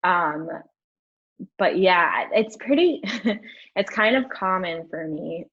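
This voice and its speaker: Lower woman rambling on a dull lo-fi line. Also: takes it slowly. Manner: rambling, animated, heavy use of "like". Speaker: podcast guest. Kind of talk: candid storytelling interview. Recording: dull lo-fi audio.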